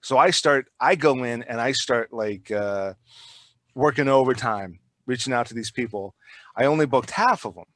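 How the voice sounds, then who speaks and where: A man's voice: mid-range voice, normal speed. Rambling man telling production stories. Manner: rambling, animated, frequent restarts and repeated words. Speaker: filmmaker guest. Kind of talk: casual podcast storytelling.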